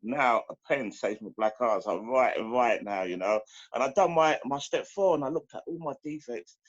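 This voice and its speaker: A man's voice: mid-range voice, lively intonation, moderate pace, no echo, muffled recording. Heartfelt rambling man sharing his recovery. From London. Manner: rambling and heartfelt, many "you know" fillers. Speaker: recovery meeting speaker. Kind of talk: personal recovery share.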